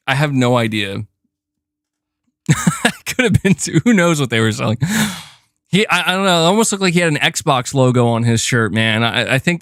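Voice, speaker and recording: Streaming from his home room, a young man games and chats casually, launching into animated, exasperated rants broken by laughter. His pitch is fairly high, and the audio is dry and studio quality.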